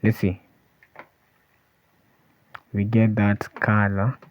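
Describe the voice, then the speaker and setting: A man teaching a coding tutorial, thinking aloud as he types and often pausing to say "let's see". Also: on the low side, completely flat delivery, slight background noise. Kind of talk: screen-recorded coding walkthrough. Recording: dull lo-fi voice recording. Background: keyboard typing and clicks.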